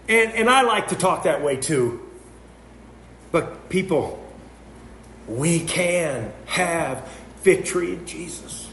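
Earnest preacher in an echoey church. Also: male voice, sits high, fairly bright tone. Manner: earnest preaching, emphatic contrasts, rhetorical questions. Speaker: pastor. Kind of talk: sermon. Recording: echoey room with faint noise.

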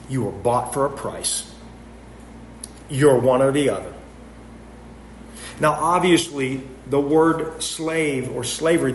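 Brief: male pastor, emphatic sermon delivery, roomy echo. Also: fairly high pitch. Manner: earnest preaching, emphatic contrasts, rhetorical questions. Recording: echoey room with faint noise.

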